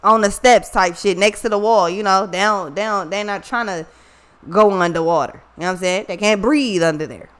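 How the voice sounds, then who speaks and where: A woman's voice: mid-range voice, fairly quick, fairly bright tone, clean tone. A woman talking straight to her viewers in a blunt, profane, scolding style as a card reader, mixing in a personal story. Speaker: tarot reader. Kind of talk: blunt casual monologue to viewers.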